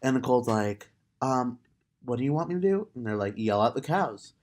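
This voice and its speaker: Young woman, very low pitch, deadpan podcast banter. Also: a little fast, a crowd in the background. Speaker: podcast co-host. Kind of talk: casual chat.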